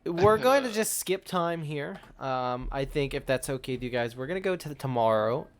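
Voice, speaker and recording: A man's voice: medium pitch, expressive, moderate pace. A man narrating as game master, joking and swearing with his players, rambling with lots of fillers.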